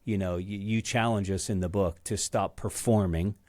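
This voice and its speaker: A man's voice: lowish voice, steady tone, normal speed, darkish tone, dry recording. A man hosting a podcast, asking a long question with hesitant restarts. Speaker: podcast host. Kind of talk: interview questions.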